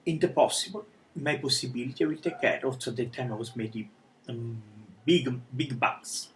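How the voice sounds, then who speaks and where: A man telling a dramatic personal story live in broken non-native English, often dropping to a hushed whisper. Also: mid-range voice, moderate pace, slight background noise, rough recording. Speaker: life coach telling his story.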